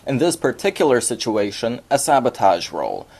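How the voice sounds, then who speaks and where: A man reads a scripted voice-over at a middling pitch. His delivery is measured and explanatory, and he walks through each point in order. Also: very animated, darkish tone, slightly rough. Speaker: narrator.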